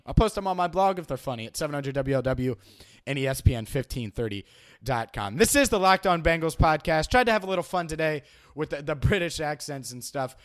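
A young man hosting a casual sports podcast, chatty and self-deprecating, often stumbling and repeating words. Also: a little high. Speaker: podcast host.

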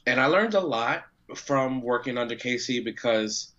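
A man's voice: mid-range voice, normal speed. A man chats in an interview, telling his story with lots of life, throwing in curse words and playing out the voices of people he quotes. The sound is dull and lo-fi. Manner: animated, swears freely, acts out quotes. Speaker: professional wrestler guest. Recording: dull lo-fi audio.

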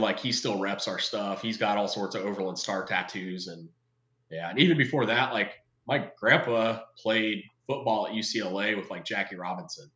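Recorded with a roomy echo, this male guest from California has a fairly low-pitched, sharp-toned voice. His casual storytelling is relaxed and full of slang, and he performs the voices of those he quotes.

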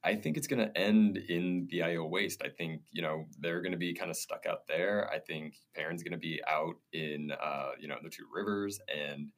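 Male co-host with a very low pitch, laid-back and speculative, hedges as he goes. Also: normal speed, hardly any pauses. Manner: thinks aloud, hedging with "I think". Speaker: podcast co-host. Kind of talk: casual chat.

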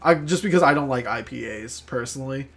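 A man's voice: mid-range voice, brisk, gravelly, husky. A man telling a rambling story on a podcast, full of filler words and swearing. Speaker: podcast co-host. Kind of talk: casual chat, storytelling.

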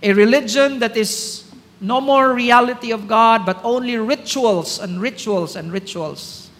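A man's voice: extremely high pitch, unhurried, a bit bright, long reverb tail. A Filipino-accented man preaching a sermon, emphatic, repeating key phrases and checking in with the congregation. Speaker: pastor.

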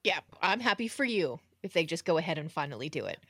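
A woman's voice: sits low, very animated, quick pace, a bit bright, breathy edge, dry recording, studio quality. A woman co-hosting a casual podcast, talking in an easygoing, chatty way and laughing readily. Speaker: podcast co-host.

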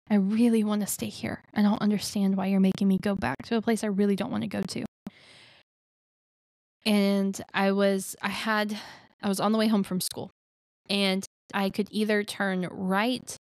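A young woman from Alabama shares her own story in an earnest, chatty voice, with plenty of ums and likes. Her pitch sits in the middle for a woman. The sound is dry and close, with no room around it. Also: a little mellow, no echo. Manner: earnest, chatty, many fillers. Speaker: life coach. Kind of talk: personal storytelling.

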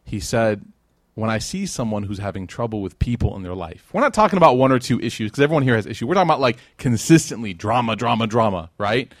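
With a mid-range voice and a fast delivery, a man speaks in a studio-quality recording with no echo. His religious lecture to a live audience is conversational and full of jokes, and he acts out his story characters with animated voices.

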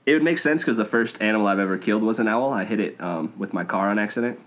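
A young man co-hosting a podcast, recounting stories in a loose, easygoing way. He laughs often between lines. His voice is on the low side. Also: fast talker. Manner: laid-back, laughing storyteller. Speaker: podcast co-host. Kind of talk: casual storytelling podcast chat.

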